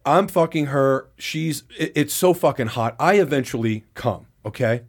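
A man at an ordinary, mid-range pitch co-hosts a podcast. He recounts a story in candid, blow-by-blow detail and swears freely. He keeps to the loose, chatty rhythm of casual conversation. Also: expressive, normal speed. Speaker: podcast co-host.

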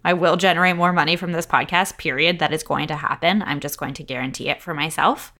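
A woman hosting her own solo podcast, talking in an upbeat, chatty way and running through lists, openly emotional and quick to laugh. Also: low voice, fairly even intonation, sharp tone. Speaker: podcast host.

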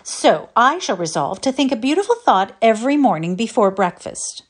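A woman's voice: fairly high pitch, sing-song, moderate pace, pitched above the performer's own voice. A woman voicing a prim, easily shocked young girl who speaks severely and with dignity in a readers' theatre story.

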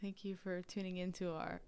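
A woman's voice: fairly low pitch, flat delivery, unhurried, fairly bright tone, smooth. A woman co-hosting a podcast in casual chat, rambling and laughing often at herself. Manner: giggly, rambling, self-deprecating. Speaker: podcast co-host.

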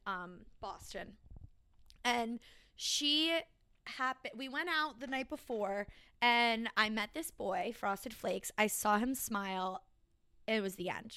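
A young woman chatting on a podcast in a bright, fairly high voice, dropping "like" into almost every line. She tells her story casually with quick laughs. The sound is dry and close to the mic. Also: smooth, no echo. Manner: chatty, fillers of "like", laughs between lines. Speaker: podcast co-host.

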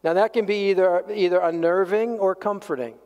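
A man's voice: high voice, steady tone, brisk, a little mellow, smooth, dull audio. A male pastor giving an earnest sermon, telling a story and asking rhetorical questions. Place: church sanctuary. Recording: long reverb of a church hall.

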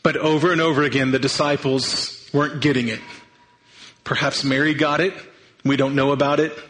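A man's voice: on the high side, level tone, normal speed, fairly bright tone, low-quality recording. A man preaching a sermon, earnest and thinking aloud, sometimes restarting his sentences. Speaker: pastor.

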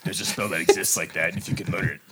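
Hesitant low-voiced man player. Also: steady tone, crowd noise. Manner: hesitant, halting questions. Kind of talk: casual tabletop game chat.

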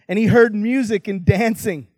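Guest preacher, conversational, animated storyteller, higher voice, dry sound. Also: male voice, normal speed, no room sound. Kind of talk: sermon.

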